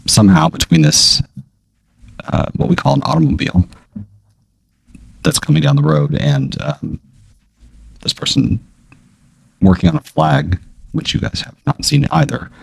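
A man playing along in an improvised comedic role-play, speaking in a hesitant, deadpan way with many ums and uhs. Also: medium pitch, gravelly, slightly rough, no room sound. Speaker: player.

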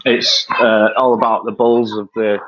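A man's voice: fairly low pitch, level tone, measured pace, heavy background noise. A man chatting as a podcast guest, rambling and laughing easily as he tells stories. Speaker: podcast guest, former cricketer. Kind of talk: casual chat. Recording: dull lo-fi call audio.

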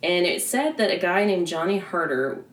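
A chatty woman with a Southern accent co-hosts a casual podcast, her voice sitting low. She laughs easily and fills pauses with "like" and "um". The room around her rings with echo. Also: animated. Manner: chatty, laughs often, many fillers. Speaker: podcast co-host. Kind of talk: casual chat.

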